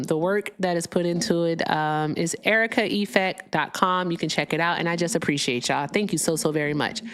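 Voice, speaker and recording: A woman's voice: fairly low pitch, fairly bright tone. A woman hosting a political call-in livestream, chatting casually, swearing freely and gushing thanks to her viewers. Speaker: livestream host.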